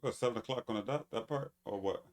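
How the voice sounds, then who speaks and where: A man listening along in a casual reaction video, mostly answering with short replies and quick questions. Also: mid-range voice. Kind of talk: casual chat.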